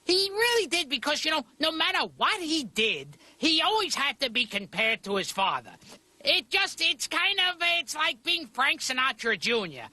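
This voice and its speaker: A cartoon comic on a therapist's couch who screeches his jokes in a piercing, very high and very bright voice. The pitch lurches all over, and he strains and yells through every line. The sound is close and dry. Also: sing-song, moderate pace, no echo, heavily acted. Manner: yelling, strained delivery. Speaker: therapy patient, comedian. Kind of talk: stand-up monologue in a cartoon.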